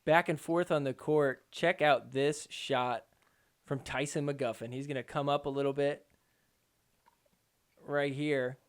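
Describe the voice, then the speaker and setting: A man hosting a podcast, giving a casual, excitable play-by-play recap of matches with a joking edge. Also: medium pitch, a little slow, pauses often, smooth. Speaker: podcast host. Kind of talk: casual sports recap commentary.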